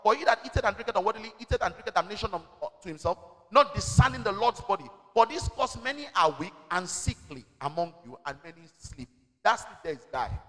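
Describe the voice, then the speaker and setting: A man preaching with a high, animated voice that climbs and falls freely, urging his congregation to answer back. He slows right down to read scripture with weight. His voice rings with the long reverb of a church hall. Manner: exhorting, call-and-response with the congregation; reads scripture slowly and deliberately. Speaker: senior pastor. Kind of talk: sermon. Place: church service.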